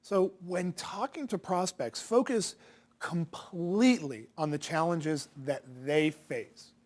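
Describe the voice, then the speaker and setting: A man's voice: fairly high pitch, slow pace. A man coaching salespeople in a direct-to-camera lesson, punchy and challenging, asking rhetorical questions.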